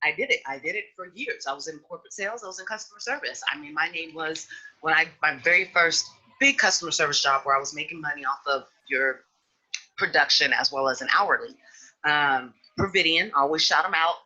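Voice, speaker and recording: A woman hosting a podcast in casual chat, outspoken and frank, with an animated delivery. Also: low-pitched, fairly quick, rough recording. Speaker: podcast host.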